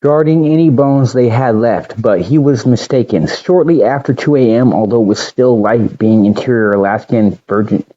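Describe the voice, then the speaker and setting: A man reading an original story aloud, unhurried, with a few slips and restarts. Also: mid-range voice, dark tone, lo-fi sound.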